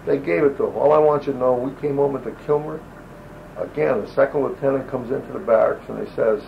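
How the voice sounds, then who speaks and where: A man's voice: medium pitch, fast talker, creaky. An older man telling rambling wartime stories in an oral-history interview, often acting out the people he quotes. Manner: loose, digressive, acts out quoted voices. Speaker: interviewee, army veteran. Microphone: home audio recorder. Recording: lo-fi old tape with faint hiss.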